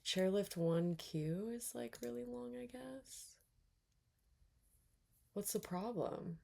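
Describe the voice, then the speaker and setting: A young woman giving casual let's-play commentary, reacting out loud, muttering to herself and swearing a lot. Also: medium pitch, unhurried, gravelly. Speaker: gaming streamer.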